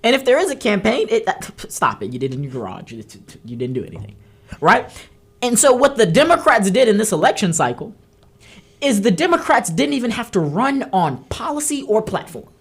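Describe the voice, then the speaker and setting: A woman's voice: medium pitch, big pitch swings, brisk, slightly rough. A woman hosting a political talk show, delivering heated commentary and scolding emphatically. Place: studio.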